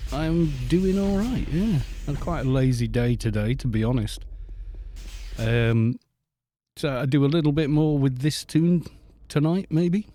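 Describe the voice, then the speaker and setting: A man's voice: medium pitch, a little slow, dark tone, slight background noise. A Welsh man streaming a game, chatting casually and rambling as he greets viewers at a desk microphone. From Wales. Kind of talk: casual live-stream chat while playing.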